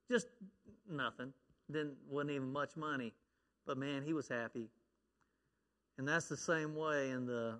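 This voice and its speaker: A middle-aged pastor with a fairly high-pitched voice preaches a sermon full of stories, acting out the voices within them, including a child's shouting prayer. His voice trails off into a long reverb tail.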